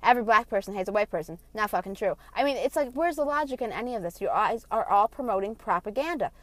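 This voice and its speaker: A woman delivering a heated, profane vlog rant, blunt and passionate, swinging between loud outbursts and quieter asides. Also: mid-range voice, dry recording. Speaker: vlogger. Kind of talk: ranting monologue.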